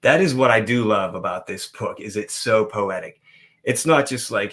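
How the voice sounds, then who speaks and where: A man hosting a casual live stream, chatting loosely and reading scripture slowly and dramatically. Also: on the low side, a bit bright, breathy edge. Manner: loose, rambling, playful.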